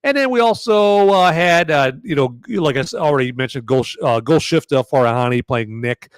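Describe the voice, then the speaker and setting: A man's voice: a little high, expressive, normal speed, smooth, dry recording. A man hosting a live-stream movie review podcast, talking casually and rambling with lots of fillers and restarts. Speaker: podcast host.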